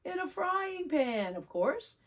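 A woman's voice: extremely high pitch, sing-song, slow, pitched above the performer's own voice, exaggerated voice. A woman voicing a cheerful, crafty male traveling peddler in a storybook reading, sly and agreeable.

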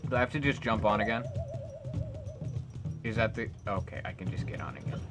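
A man's voice: medium pitch, sing-song, fairly quick, over music. A man giving playful gameplay commentary as a streamer, joking and talking back to the game characters. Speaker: let's play streamer.

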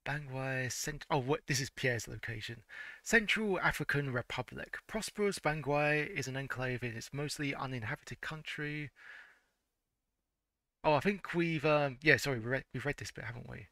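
Bright, chatty man reading aloud. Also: medium pitch, animated, normal speed, no echo. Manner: stumbling over words, self-correcting, laughing. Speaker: let's-play host. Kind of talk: casual gameplay commentary, reading game text aloud.

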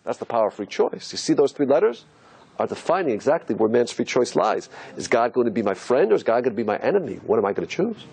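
A man's voice: medium pitch, sing-song, quick pace, gravelly, darkish tone. A man teaching as a rabbi, asking rhetorical questions and musing aloud as he explains letters on a board. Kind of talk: teaching lecture.

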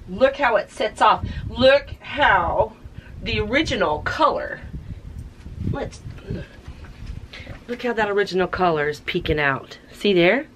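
A woman chatting her way through a tie-dye tutorial, thinking aloud and getting excited. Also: mid-range voice, measured pace, long pauses, slight background noise. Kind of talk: casual craft tutorial.

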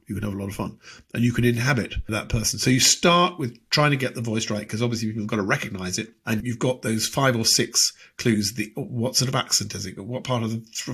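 A man's voice: on the low side, fairly bright tone, slightly rough. A man, a guest impressionist, chatting in an interview and slipping into voices mid-sentence. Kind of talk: casual interview chat.

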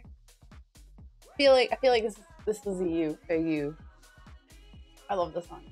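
A young woman streaming live, chatting casually and greeting viewers by name, bubbly and giggly. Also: medium pitch. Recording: with faint music behind.

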